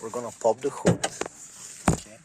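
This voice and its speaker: A man's voice: medium pitch, fairly even intonation, moderate pace, background noise. A man chatting casually and rambling with lots of fillers, recorded on a phone outdoors beside a car. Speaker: vlogger. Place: outdoors by a car, jump-starting it.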